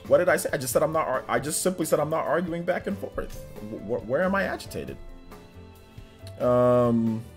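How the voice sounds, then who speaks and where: Faint game music plays as a man with an expressive, high-leaning voice hosts a casual livestream at moderate pace. He chats easily, reads viewer comments, replies to them directly, and laughs often.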